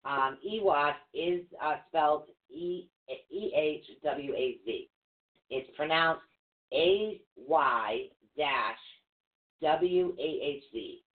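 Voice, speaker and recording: A man's voice: on the high side, animated, slow pace. A man teaching runes on a live show, patient and step by step, spelling out words as he goes. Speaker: rune teacher. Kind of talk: live-stream teaching with banter. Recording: tinny phone-like line.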